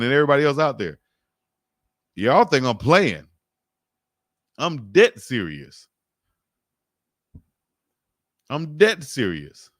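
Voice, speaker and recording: A relaxed man from Alabama talks sports like he's hanging out with friends, joking and circling back on his words. His voice sits in an ordinary middle register. The sound is dry and close, with no room around it. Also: medium pitch, dry recording. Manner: laid-back, joking, chuckles often, repeats himself. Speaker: sports talk host. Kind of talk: casual livestream chat reading comments.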